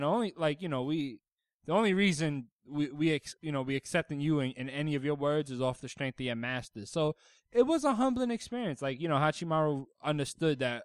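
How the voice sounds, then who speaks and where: A man's voice: on the high side, animated, a little fast, clean tone, dry recording. A man in casual chat recapping a manga with friends, swearing, laughing, and acting out lines of dialogue. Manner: profane, laughing, acts out characters in quotes. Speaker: podcast co-host.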